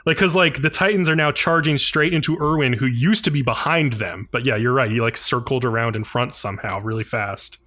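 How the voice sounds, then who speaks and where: A man co-hosting a podcast, chatting casually and animatedly about an anime episode. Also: mid-range voice. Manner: lively, animated, quick to laugh. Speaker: podcast co-host.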